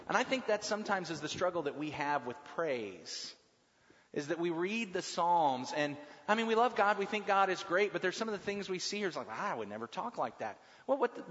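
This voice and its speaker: A man leading a group Bible class, asking questions and talking with lively swings in his voice. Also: high-pitched. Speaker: Bible study leader. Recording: long reverb, dull lo-fi sound.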